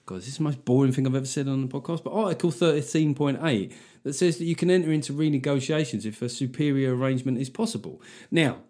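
Brief: male comedian, self-mocking, rambling solo podcast monologue, ordinary pitch. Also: fast, mellow.

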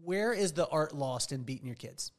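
A man's voice: a little high, animated, moderate pace. A middle-aged man hosting a podcast in casual chat, telling jokey stories and laughing often. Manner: joking storyteller, laughs often. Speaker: podcast host.

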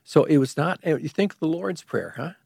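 A man talks through an explanation in a measured way, pausing and restarting as he goes. His voice is gravelly with a husky edge. It is recorded dry and close. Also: a little high, expressive, darkish tone, no echo. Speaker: guest expert on liturgy. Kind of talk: explanatory conversation.

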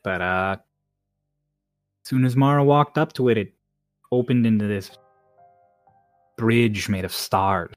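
A man's voice: fairly low pitch, slow, pauses often, no room sound, soft background music. A man voicing a laid-back, blunt woman sailor with a Cockney accent and clipped, offhand phrasing.

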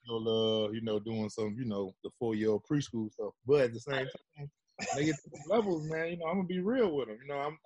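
Male guest, laid-back and slangy, mid-pitched, close and dry. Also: a little mellow, no room sound. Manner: laid-back slangy talk, often says "you know what I'm saying". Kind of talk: casual storytelling chat.

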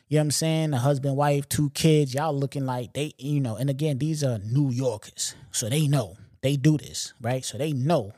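A man's voice: mid-range voice, mellow, dry recording, clean studio sound. Profane, slangy New man telling stories. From Long Island, New York. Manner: loose, profane, slangy, lots of "you know what I'm saying". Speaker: podcast host. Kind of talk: casual storytelling monologue.

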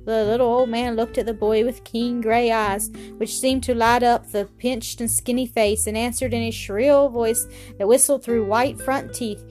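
A woman narrating a storybook tale in a measured, clear reading style. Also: a little high, fairly even intonation, a little mellow, soft background music. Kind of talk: scripted narration.

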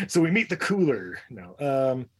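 A man hosting a casual podcast chat who recaps a movie, laughs often and slips into rough put-on voices when quoting. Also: on the high side, a bit bright.

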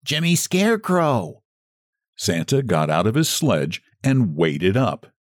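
A man narrating a children's story aloud in an expressive reading. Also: deep voice, measured pace, no echo, studio quality.

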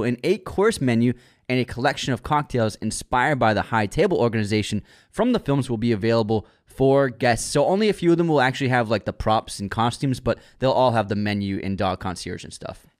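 A man co-hosting a movie news podcast, reading out news items and bantering playfully when teased. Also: medium pitch. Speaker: podcast co-host. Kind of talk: casual movie news chat.

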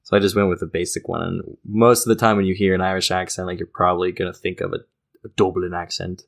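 A young man with a notably low voice co-hosts a casual podcast. He rambles loosely, laughs easily and drops a curse here and there. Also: flat delivery, fast, vocal fry. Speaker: podcast co-host.

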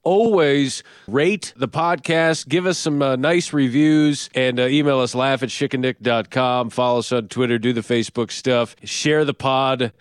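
A man's voice: mid-range voice, steady tone, moderate pace, few pauses, clear, resonant tone, no room sound. A man co-hosting a casual podcast in a studio, often breaking into laughter while he talks. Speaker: podcast co-host. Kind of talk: casual comedy podcast chat.

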